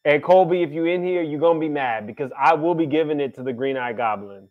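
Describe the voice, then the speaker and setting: A man's voice: a little high, brisk, few pauses. A man hosting a show recap, ranting with sassy exasperation in casual commentary. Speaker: podcast host reviewing a reality show. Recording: tinny phone-like audio.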